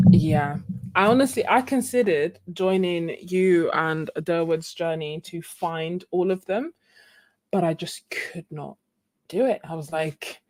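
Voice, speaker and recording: A young woman chatting casually with viewers while she paints on a live stream, laughing often. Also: on the low side. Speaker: live-stream art host.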